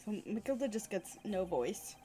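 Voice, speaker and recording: A woman's voice: medium pitch, very animated, moderate pace, warm tone. Chatty woman streamer. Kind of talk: casual chat while reading a game aloud. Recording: faint music behind.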